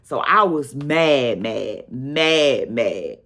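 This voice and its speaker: A middle-aged woman tells a personal story in a relaxed vlog chat. Her voice sits low and her pace is slow and drawn out. She acts out what people said as she goes. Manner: animated storyteller, acts out quotes with a higher voice. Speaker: vlogger telling a personal story.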